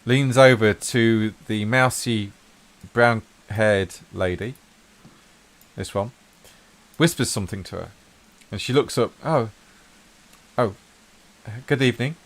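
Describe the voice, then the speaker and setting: A man's voice: fairly low pitch, slow, pauses often. Man narrating as game master. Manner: descriptive, easygoing narration with fillers.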